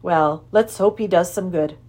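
A woman voicing a middle-aged father in a storybook reading, brisk and doubtful in his speech. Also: fairly low pitch. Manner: brisk, doubtful, then quietly proud.

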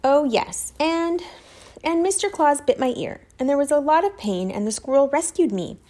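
Brief: flustered, good-natured dad from a storybook, rambling on, as a woman puts him on, lively. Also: high voice, normal speed, voice pushed up. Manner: earnest, rambling. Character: earnest, rattled, kindly father.

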